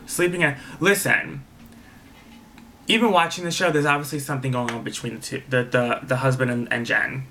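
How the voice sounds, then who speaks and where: A man's voice: medium pitch, steady tone, fairly quick, sharp tone, slight background noise. A man casually recapping a reality TV episode, candid and opinionated, swearing freely and repeating himself for emphasis.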